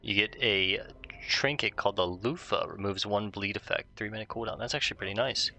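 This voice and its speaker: A man hosting a game playthrough, with a low voice and a gravelly edge. He muses aloud in casual commentary, dropping wry asides. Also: fairly quick, bright, forceful tone. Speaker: let's play host.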